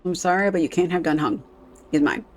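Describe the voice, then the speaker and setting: A woman's voice: on the low side, brisk, a little mellow. Casual, cussing woman streamer. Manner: rambling, swears freely, lots of "like" and "um". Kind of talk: casual game-stream chat.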